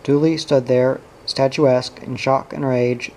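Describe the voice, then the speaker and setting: A man reads a novel aloud at a steady, unhurried pace. His voice is mellow and even, with little change in pitch. A faint hum stays in the background. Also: rough recording. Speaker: audiobook reader.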